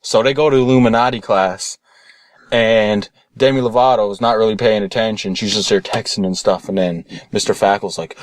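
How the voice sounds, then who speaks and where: A young man telling a rambling, deadpan comic parody story. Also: on the low side, normal speed, no room sound.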